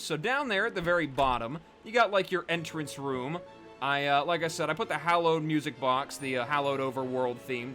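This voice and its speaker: A man's voice: a little high, bright, forceful tone. A man giving casual, rambling gameplay commentary as a let's play host, chatty and full of fillers.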